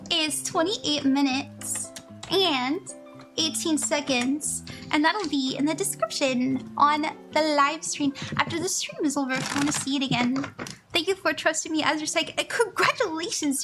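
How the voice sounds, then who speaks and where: A young woman reading tarot cards live for her chat, gushing and emotional, laughing often as she talks to viewers. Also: high voice. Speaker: livestream tarot reader. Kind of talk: casual livestream chat. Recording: faint music behind.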